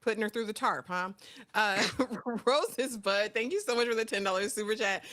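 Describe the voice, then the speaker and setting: A woman co-hosting a live-stream show, reading super chats and chatting in a relaxed, agreeable way. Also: medium pitch, normal speed. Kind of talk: casual live-stream chat.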